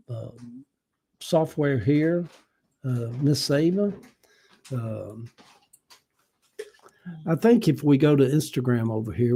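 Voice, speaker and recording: An older man with a Southern US accent hosting a casual livestream, rambling folksy talk and often clearing his throat as he reads viewer comments. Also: mid-range voice, dark tone. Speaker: livestream host.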